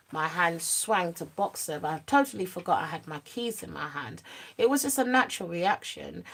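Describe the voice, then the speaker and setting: A young woman tells a true story straight to camera, her voice sitting fairly low. She talks in animated street slang, drops to a murmur at the serious moments and gets lively when she acts things out. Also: gravelly. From United Kingdom. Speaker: vlogger. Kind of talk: storytime monologue.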